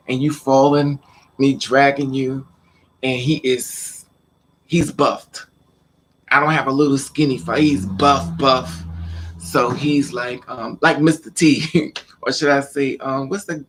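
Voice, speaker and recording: Animated man telling a personal story. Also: mid-range voice, slight background noise. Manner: animated, acts out scenes, repeats words for emphasis. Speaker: vlogger.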